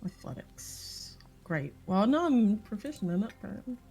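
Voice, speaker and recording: A woman's voice: mid-range voice, expressive, a little fast, warm tone, soft background music. A woman playing a tabletop game, speaking in a dry, offhand way. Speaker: player. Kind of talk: casual tabletop play.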